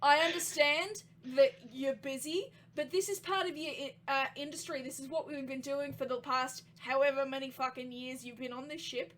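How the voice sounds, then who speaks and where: A woman's voice: high voice, fairly even intonation, normal speed, few pauses, a little hiss or hum. Woman doing a furious lion-man chef, Aussie. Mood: angry ranting. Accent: Australian. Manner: loud, swearing, ranting. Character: burly lion-folk male ship's chef, furious.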